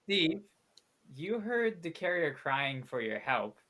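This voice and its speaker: A man's voice: fairly high pitch, sing-song, slow, sharp tone. A man narrating as game master in a tabletop role-playing podcast, laid-back and chatty. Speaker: dungeon master.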